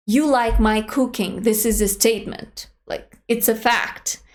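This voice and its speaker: A young adult woman teaching an online grammar lesson, speaking example sentences slowly and clearly. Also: fairly high pitch, fairly even intonation. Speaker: language teacher.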